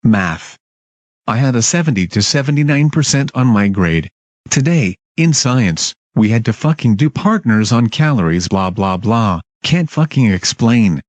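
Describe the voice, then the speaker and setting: A man's voice: mid-range voice, lively intonation, measured pace, no room sound. A man narrating a ranting storytime in a blunt, irritable manner, swearing constantly.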